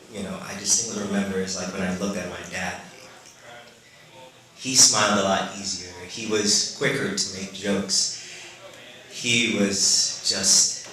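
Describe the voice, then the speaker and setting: A man in his late thirties from the Philippines, telling a personal story live on stage, halting and full of "you know" fillers. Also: low-pitched, pushed and bright. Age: late 30s. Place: stage before a live audience. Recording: very echoey room with audience.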